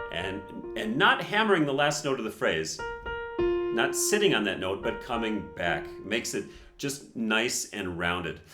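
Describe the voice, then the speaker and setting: A man's voice: medium pitch, fairly bright tone. Man teaching piano in a roomy space. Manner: explanatory, counts beats and sings rhythms aloud. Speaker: piano teacher reviewing a performance. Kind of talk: casual teaching commentary.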